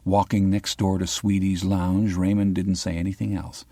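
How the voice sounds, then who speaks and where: Brief: male audiobook narrator, very low voice, dry close-miked read. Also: flat delivery, moderate pace, dark tone, no echo. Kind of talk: scripted narration.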